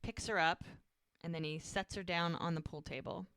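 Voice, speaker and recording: A woman's voice: fairly low pitch, steady tone, normal speed, a bit bright, dry recording, clean studio sound. A woman co-hosting a podcast, casually recapping a scene and acting out the characters' lines. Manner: retells scenes, acting out dialogue. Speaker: podcast co-host.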